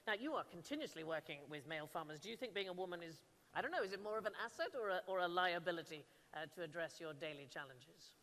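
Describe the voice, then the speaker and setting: Brisk woman moderating in a big hall. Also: on the low side, expressive, a bit bright. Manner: brisk, encouraging, asks questions. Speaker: awards ceremony moderator. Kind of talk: live panel moderation. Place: large event hall. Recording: long hall reverb.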